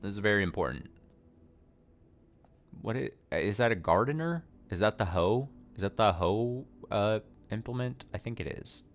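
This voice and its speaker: A man with a low voice gives casual commentary while playing a puzzle game. He thinks out loud, swears freely and pokes fun at himself. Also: expressive, normal speed. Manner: thinks aloud, swears casually, self-mocking. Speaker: let's play streamer.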